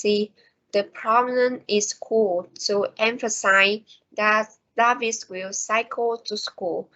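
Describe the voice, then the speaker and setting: A young woman with a Vietnamese accent reading a class presentation slowly and carefully, with small slips and restarts. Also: medium pitch, fairly bright tone. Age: young adult. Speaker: student presenter. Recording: dull lo-fi home recording.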